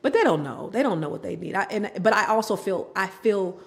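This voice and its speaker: A middle-aged woman speaks as a podcast guest, telling a personal story in a candid, animated way. She acts out the words of family members as she goes. Her voice sits at a medium pitch. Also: fairly quick, creaky.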